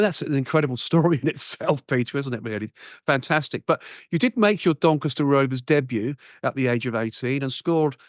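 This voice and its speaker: A man's voice: medium pitch, dry recording, studio quality. A man hosting an interview podcast, asking questions in an enthusiastic, chatty way. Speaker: podcast host.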